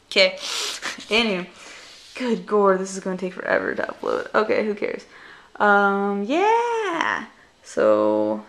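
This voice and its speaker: A young woman who teaches English, chatting casually and rambling off track, breaking into excited squeals as she unwraps things. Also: mid-range voice. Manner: rambling, easily distracted, giggly; gushing excited squeals when unwrapping gifts. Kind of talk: casual vlog chat.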